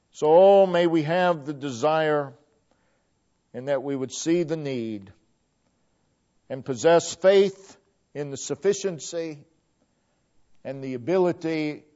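A middle-aged pastor preaching a sermon in an earnest way, repeating key phrases, swelling to emphatic peaks and then dropping low. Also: male voice, animated, slow pace, long pauses, warm tone. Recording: dull lo-fi church recording.

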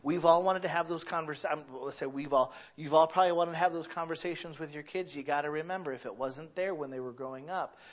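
Pastor, male, middle-aged: earnest conversational sermon, slightly high voice, dull lo-fi recording. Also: quick pace, few pauses. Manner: earnest, conversational preaching with restarts and asides.

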